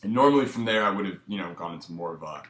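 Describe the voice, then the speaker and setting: Deep-voiced man, echoey room. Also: lively intonation, racing, fairly bright tone. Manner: laid-back, filler-heavy, with many "um" and "like". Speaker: dating coach. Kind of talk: casual commentary breaking down footage.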